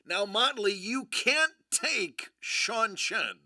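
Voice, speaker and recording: A live stream host giving excitable commentary, giddy and prone to laughing and shouting in bursts. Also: mid-range voice, drawn-out words, dry recording, studio quality.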